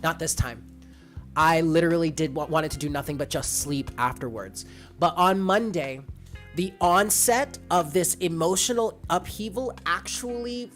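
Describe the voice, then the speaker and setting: A woman tarot reader in a casual live stream, chatting and rambling as she answers viewers by name. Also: low-pitched. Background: faint lo-fi music.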